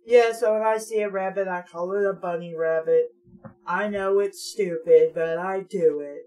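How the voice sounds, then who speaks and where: A young woman with a mellow, medium-pitched voice reads a children's horror book aloud, breaking in with sarcastic, mocking asides. She's captured on a distant mic with a faint hum in the background.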